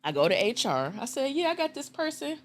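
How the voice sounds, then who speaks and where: A woman hosting a casual podcast, telling stories with profanity and acted-out quotes. Her pitch swings widely as she talks. A faint noise sits under the voice. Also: brisk. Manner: animated, profane, acts out quotes in a jumping pitch. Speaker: podcast host. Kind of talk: casual storytelling chat.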